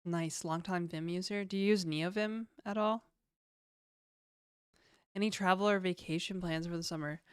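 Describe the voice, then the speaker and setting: A young Canadian woman with a smooth, lowish voice chats casually on a livestream, reading viewer questions aloud and answering them in a relaxed, offhand manner. She talks at normal speed with frequent pauses, and the sound is close and dry with no room around it.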